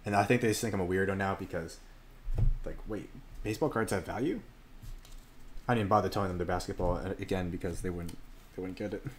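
Opening packs on a casual card break stream, a man jokes around in a low voice, talking fast but with long pauses. He's animated and laughs often. A little hiss or hum runs under the recording.

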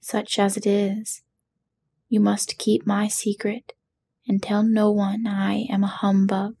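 A woman's voice: medium pitch, completely flat delivery, slow pace, vocal fry, dark tone, breathy edge, heavily acted. A woman voicing a humbled little man posing as a wizard, in whispered role-play with a meek, apologetic manner.

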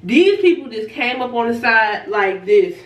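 A woman vlogger casually telling a story, animated, laughing and acting out the people she quotes. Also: on the high side, measured pace, a little hiss or hum. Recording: roomy and a bit distant from the mic.

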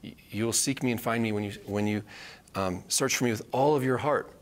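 A man's voice: lowish voice, fairly quick. A man teaching a live Bible study, earnest and repeating key phrases for emphasis.

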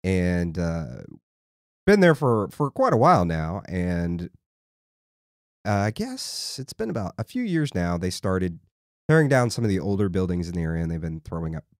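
Man, podcast host, casual chat, easygoing, rambling, deep voice, dry studio sound. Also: big pitch swings, normal speed, no room sound.

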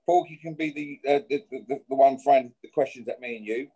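A man's voice: mid-range voice, brisk, dark tone, breathy edge, low-quality recording. A man being interviewed, confrontationally challenging a rival and ending his points with "yeah?". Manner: confrontational, repeats "yeah?" after each point. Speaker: boxer issuing a challenge. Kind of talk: interview, trash talk.

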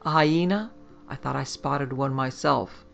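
A man's voice: mid-range voice, measured pace, gravelly, fairly bright tone, lo-fi sound, soft background music. A man doing a brusque, scoffing soldier. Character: bold mocking soldier, man, dismissive.

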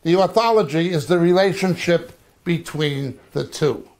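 A man teaching a lecture on biblical languages, slow and deliberate, repeating terms to drill them in. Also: a little high, gravelly, darkish tone. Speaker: Bible teacher.

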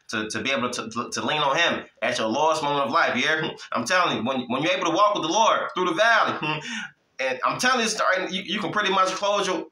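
A man's voice: medium pitch, sharp tone, roomy sound, low-quality recording. A man giving an informal Bible teaching, preaching in a casual way, often asking "you hear me?" and chuckling. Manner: repeats "you hear me?" and "listen to me", chuckling, conversational.

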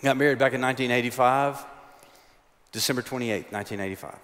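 A man's voice: medium pitch, fast, fairly bright tone. A man, preaching a chapel sermon with folksy, humorous storytelling. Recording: long hall reverb.

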